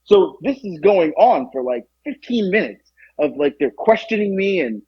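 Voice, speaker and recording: Animated, husky-voiced man telling a story. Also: high voice, moderate pace, no room sound, lo-fi sound. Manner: animated, profane, acts out the voices of others. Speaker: podcast co-host. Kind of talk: casual storytelling chat.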